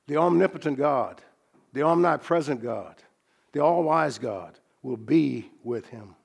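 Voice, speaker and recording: Delivering a scripture-based sermon, a man speaks earnestly and steadily, slowing down to underline important phrases. His medium-pitched voice is gravelly and slightly rough.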